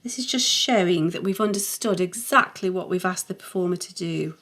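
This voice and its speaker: A woman's voice: on the low side, moderate pace, a bit bright. Woman teaching music theory aloud. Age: middle-aged. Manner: patient, thinking aloud, sings short note sounds. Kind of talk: talking through a worked exercise.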